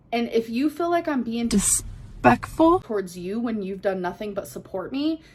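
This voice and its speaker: A woman's voice: medium pitch, a little mellow. A woman vlogger chatting casually to the camera, answering things said about her in a candid, defensive way. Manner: candid, defensive, emotional at times.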